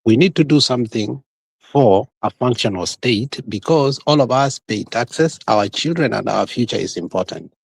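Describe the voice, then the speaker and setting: A man's voice: mid-range voice, animated, normal speed, creaky, breathy edge, no echo. A man with a Kenyan accent arguing insistently in a heated livestream debate, talking over others and switching between English and Swahili. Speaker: panelist.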